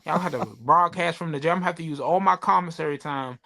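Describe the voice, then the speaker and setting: A man co-hosting a podcast, chatting casually, telling animated stories, swearing freely and acting out the voices of people he quotes. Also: a little high, fast, creaky. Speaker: podcast co-host. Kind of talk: casual chat.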